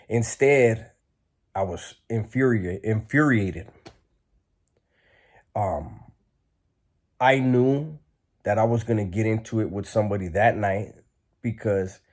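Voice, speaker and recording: A man's voice: on the low side, darkish tone. A man telling a story in a casual, blunt, streetwise way, with lots of fillers.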